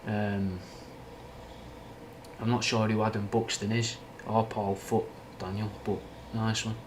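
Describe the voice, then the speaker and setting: Here a down-to-earth young livestream host from Manchester, England, rambles casually through chat, frank and swearing now and then, using British slang. He has a Mancunian accent with a slight Scouse twang, a fairly low voice, a flat delivery and a slow pace, with faint ambient noise humming underneath.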